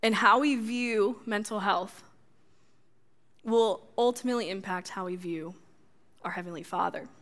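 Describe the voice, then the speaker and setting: A woman's voice: medium pitch, measured pace, pauses often, a bit bright. A young woman giving a sermon to a church gathering, talking casually with dry, sarcastic humor. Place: stage before a live audience.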